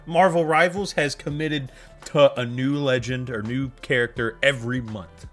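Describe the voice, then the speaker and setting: A man's voice: mid-range voice, steady tone, moderate pace, fairly bright tone, faint music behind. A man co-hosting a casual gaming podcast, joking and blunt, swearing casually as he talks. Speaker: podcast co-host. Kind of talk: casual chat.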